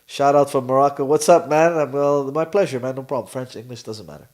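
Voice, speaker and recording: A man's voice: medium pitch, brisk, darkish tone. A young man with a Canadian accent hosts a live watch party, chatting casually, reading viewer comments and laughing often.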